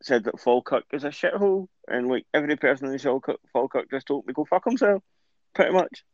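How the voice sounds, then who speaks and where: A man's voice: medium pitch, animated, fairly quick, no room sound. Scottish man, casual podcast chat, stumbling restarts, muffled dry recording. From Scotland. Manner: rambling, stumbles and restarts, laughs a lot. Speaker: podcast co-host.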